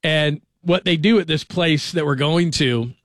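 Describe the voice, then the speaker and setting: A man's voice: fairly high pitch, measured pace, a bit bright, dry recording. A man in his forties hosting a sports radio show, telling joking stories in a chatty, casual way. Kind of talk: casual talk radio monologue.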